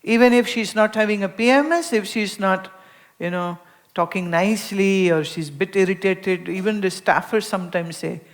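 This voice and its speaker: A woman's voice: mid-range voice, moderate pace. A woman, a spiritual teacher giving a public talk, telling everyday stories and repeating words for emphasis. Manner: animated storytelling, acting out everyday dialogues.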